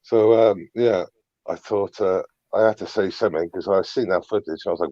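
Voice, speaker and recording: A man's voice: low voice, moderate pace, warm tone, dry recording, muffled recording. A man from Britain chatting casually on a live stream panel, rambling and hesitant. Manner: rambling, hesitant with fillers and restarts. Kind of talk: casual chat.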